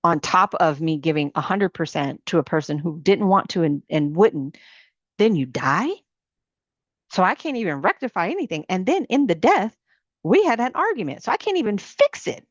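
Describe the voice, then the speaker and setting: A middle-aged woman ministry coach giving an informal sermon to women, animated and building through repeated questions. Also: lowish voice, moderate pace, no room sound, highs cut off.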